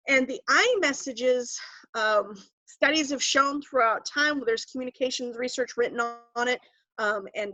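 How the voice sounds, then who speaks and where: A woman's voice: on the high side, bright, forceful tone, dry recording, rough recording. A woman giving earnest parenting advice, often repeating words as she finds her phrasing, over a call. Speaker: guest speaker, parent.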